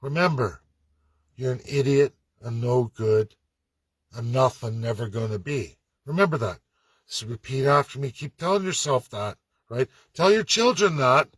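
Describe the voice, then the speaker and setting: A man's voice: mid-range voice, a little slow, slightly rough, dry recording. A man ranting to camera in a blunt, sarcastic and profane way, mocking the voices of others. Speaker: political commentator. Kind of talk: angry rant to camera.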